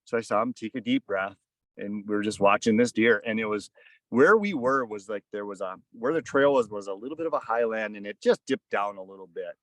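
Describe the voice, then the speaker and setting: A podcast guest in his thirties or forties, speaking fairly quickly at a fairly low pitch, rambles through a casual story on a fishing boat, leaning constantly on "kinda" and "like." The recording is dry.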